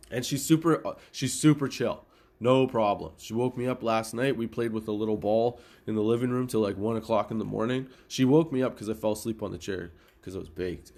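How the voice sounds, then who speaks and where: A middle-aged man hosting a comedy podcast, telling a casual story with lots of swearing and laughing at his own jokes. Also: on the low side. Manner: profane, animated, laughs at own stories. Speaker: podcast host.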